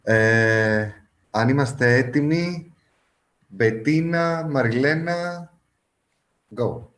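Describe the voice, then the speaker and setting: A man hosting a live stream, making brisk organizing announcements. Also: mid-range voice, a bit bright. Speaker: event host.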